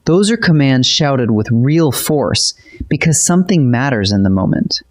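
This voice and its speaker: A man narrating a scripted grammar lesson in a steady, clear, explanatory way. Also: medium pitch, moderate pace. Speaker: teacher.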